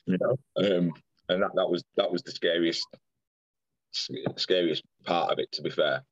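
A man's voice: low-pitched, fairly even intonation, moderate pace, dry recording, lo-fi sound. A young man, a podcast guest earnestly retelling a personal story in detail, with many restarts and quoted dialogue. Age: young adult.

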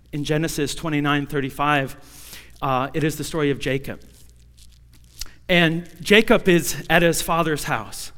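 A man's voice: on the high side, big-room sound. A male preacher telling a scripture story with humor, acting out the voices. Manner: humorous, animated, acts out quotes. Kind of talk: sermon storytelling.

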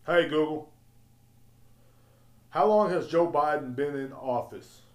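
A man's voice: fairly high pitch, slow. A man ranting profanely and rambling as a podcast host. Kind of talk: casual solo rant. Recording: roomy echo.

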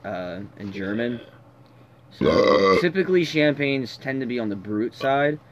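A young man in casual chat among friends, calmly explaining wine terms in a laid-back way. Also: mid-range voice, measured pace, dull audio.

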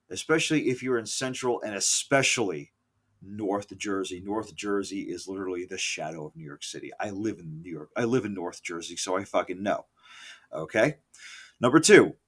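A middle-aged man recalling a concert in a casual, profane and opinionated rant, full of asides, self-corrections and loud outbursts. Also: lowish voice. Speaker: concert reviewer. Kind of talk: casual spoken concert recollection.

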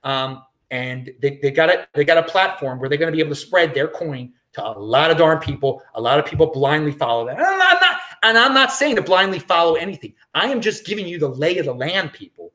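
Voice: medium pitch, expressive, a little fast, fairly bright tone. A vlogger giving casual opinion commentary, blunt and dismissive, who repeats phrases for emphasis.

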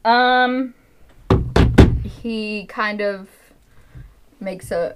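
A woman's voice: medium pitch, steady tone, a little hiss or hum. Easygoing woman game master. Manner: easygoing, quick to laugh, halting with fillers. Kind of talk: narrating a tabletop game.

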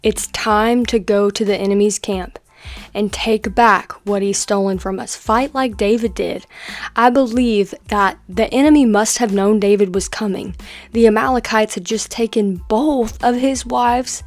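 A woman hosting a faith podcast, talking in an energetic, encouraging, conversational way. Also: mid-range voice, measured pace. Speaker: podcast host.

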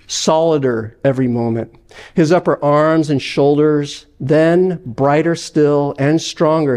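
Gravelly-voiced male pastor preaching. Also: mid-range voice, dark tone. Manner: storytelling, measured. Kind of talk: sermon.

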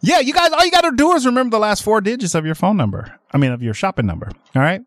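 A man hosting a radio shopping call-in show, energetic and laughing often as he pushes deals to callers. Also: sits high, very fast, no echo, studio quality. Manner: energetic, laughs often, animated sales patter. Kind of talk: lively radio call-in selling. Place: radio studio.

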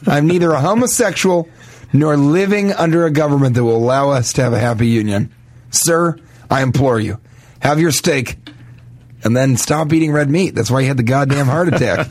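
A man's voice: mid-range voice, moderate pace, no echo. A young adult man co-hosting a comedy podcast in casual chat, rambling and slipping into silly put-on voices. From Denver, United States.

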